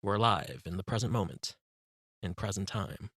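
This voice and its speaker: Male audiobook narrator, meditation guide, calm and instructive, bright voice, dry booth. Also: sits low, breathy edge, no echo. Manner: calm, instructive, slow cues.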